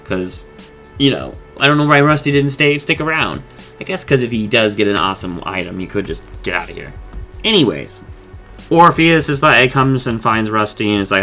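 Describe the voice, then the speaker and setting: A man's voice: medium pitch, lively intonation, moderate pace, sharp tone, faint music behind. A man hosting a podcast, casually recapping and discussing an episode in a rambling way, swearing freely and paraphrasing the characters' lines. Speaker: podcast host.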